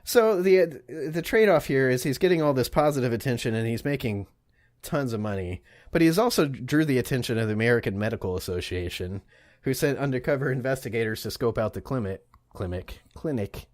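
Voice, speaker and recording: Swapping profanity and jokes with frequent laughter, a male podcast co-host relates a strange bit of history in a casual comedic conversation. He talks a little fast with lively intonation in a darkish, mid-range voice. The studio recording is clean and dry.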